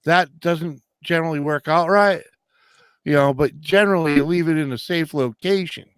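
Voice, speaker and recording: A smooth, slightly high-pitched man hosts a casual late-night chat, drawling along and calling out viewers by name. He sounds like he's coming down with a cold. The mic is close and dry. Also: normal speed, no room sound. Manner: laid-back, drawling, greets viewers by name. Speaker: live stream host.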